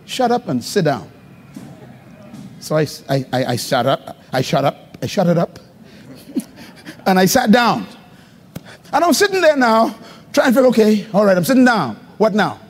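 A man preaching a live sermon as pastor to a congregation, calling for responses and swinging between loud high exclamations and low murmurs. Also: breathy edge. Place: church hall before a congregation. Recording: live recording with long hall reverb.

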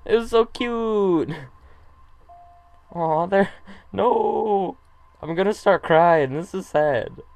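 Slow-talking man gushing over a video. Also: sits high, gravelly, a little mellow, soft background music. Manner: gushing, emotional, laughs often. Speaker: YouTuber reacting to an animated short. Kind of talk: casual reaction commentary.

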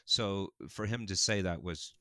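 A pastor telling stories with animated, earnest energy and frequent laughter. His lowish voice is bright and crisp. The sound is close and dry, with no room around it. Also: unhurried, no echo. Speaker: pastor and guest. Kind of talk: casual conversational storytelling.

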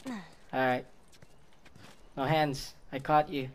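An excitable gamer reacts to gameplay, taunting enemies, swearing and laughing in between. The talk is unhurried, drawn out between bursts, with sudden yelps and shouts that leap high, and a middling pitch otherwise. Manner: talks to the game characters. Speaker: gaming video creator.

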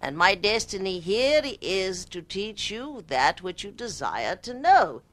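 A woman's voice: mid-range voice, big pitch swings. A woman channeling an ancient male spirit with a put-on British accent. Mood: grand. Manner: slow, archaic, declaiming. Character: ancient male warrior spirit, grand and solemn. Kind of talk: trance channeling performance.

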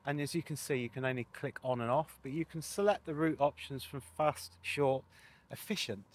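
A man's voice: medium pitch, moderate pace. A man presenting a casual walkthrough of a motorcycle sat nav, chatty with wry asides.

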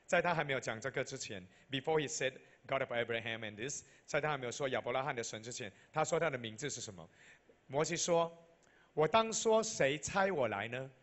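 A man with a Malaysian accent, a pastor preaching a sermon, repeating each point in two languages and building to loud, emphatic peaks. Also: mid-range voice, expressive, a little fast. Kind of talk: bilingual sermon.

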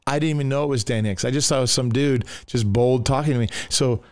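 Pastor man, smooth, close and dry. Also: mid-range voice, fast talker, no echo. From United States. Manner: rambling storyteller with many restarts and fillers; acts out quoted voices in his story. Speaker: pastor telling his testimony. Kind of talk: casual testimony in a podcast conversation.

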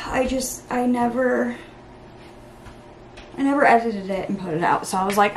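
A young woman chatting through her makeup routine in a get-ready-with-me vlog at home, rambling, excitable and laughing at herself. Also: fairly high pitch, slow, pauses often, a little hiss or hum. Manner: rambling and self-mocking, laughs often; excitable, hyper. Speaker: beauty vlogger.

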